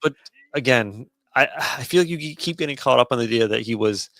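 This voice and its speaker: A man's voice: mid-range voice, expressive, fast, a bit bright, dry recording. A man co-hosting a casual sports podcast, confident and teasing. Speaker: podcast co-host.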